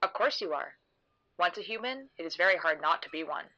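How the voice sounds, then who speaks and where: A narrator voicing a calm, blank-faced girl on a swing who states things flatly as fact, in a horror audio drama. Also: medium pitch, a little fast, muffled recording. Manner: flat matter-of-fact delivery.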